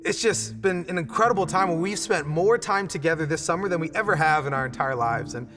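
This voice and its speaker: A man's voice: fairly high pitch, fairly quick. A man in his thirties, a pastor, telling a family story in a conversational online church sermon with frequent restarts. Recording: long hall reverb with music behind.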